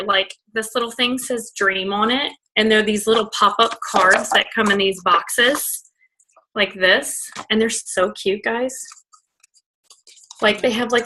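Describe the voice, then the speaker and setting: A young woman leader giving a casual, bubbly training talk, full of "like" and fillers, loud and outgoing. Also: medium pitch, slight background noise, rough recording. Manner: self-described loud and out there. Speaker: network marketing team leader.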